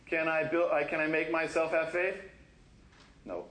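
A man preaching a sermon in a conversational, animated way, acting out quoted voices and laughing often. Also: fairly high pitch, moderate pace, echoey room, poor audio. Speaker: pastor. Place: church sanctuary.

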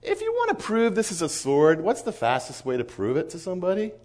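A man preaching in an animated storytelling sermon, acting out the dialogue of the people in his stories. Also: sits high, brisk. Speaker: pastor.

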